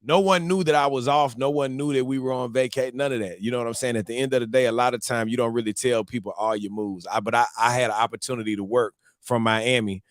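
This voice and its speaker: A married man hosting a live-streamed morning show, telling a story to his viewers in a casual, animated, slang-filled way. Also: medium pitch, fast talker, few pauses, no room sound, clean studio sound. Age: adult, married.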